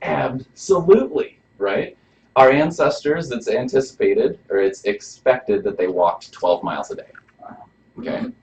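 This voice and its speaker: The dull, lo-fi audio captures a chiropractor's live health workshop before a small audience. His voice is medium-pitched and a touch mellow, animated but a little slow, as he talks casually and asks the room questions.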